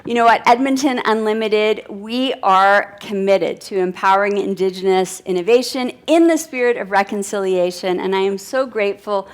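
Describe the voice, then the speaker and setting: A woman's voice: mid-range voice, moderate pace, hardly any pauses. A woman giving a formal welcome speech at an event, gracious and poised. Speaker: guest speaker at demo day.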